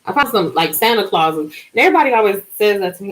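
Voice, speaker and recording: A woman in her forties hosts a relaxed live stream and chats directly with her viewers. She tells her stories in an animated way and draws out words for emphasis. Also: mid-range voice, poor audio. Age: 40s. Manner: animated, chatty storytelling with drawn-out words. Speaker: livestream host.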